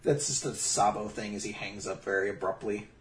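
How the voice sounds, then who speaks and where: A man's voice: on the low side, brisk, a bit bright, a little hiss or hum. A man co-hosting a casual podcast who chimes in with dry, joking asides. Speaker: podcast co-host. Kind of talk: casual chat.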